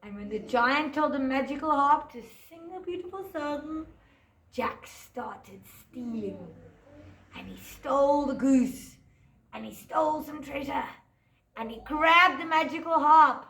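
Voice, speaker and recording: Teacher lady reading a fairy tale to little kids then doing crafts, bright voice, slow, echoey room. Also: sits high, lively intonation, a little hiss or hum. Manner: gentle, sing-song, drawn-out words. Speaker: preschool teacher. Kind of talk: storytelling and craft lesson for children.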